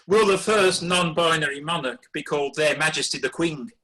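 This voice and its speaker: A man reading comic rhyming poetry in a deadpan, wry way over a video call. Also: on the high side, moderate pace, low-quality recording. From Birmingham, England. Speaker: performance poet.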